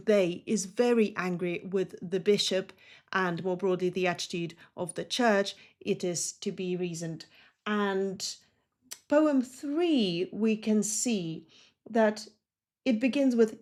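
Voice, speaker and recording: A woman tutor walking through exam questions step by step, explaining each answer in a measured way and reading poem lines aloud. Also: medium pitch. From Oxford-trained. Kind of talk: exam walkthrough lesson.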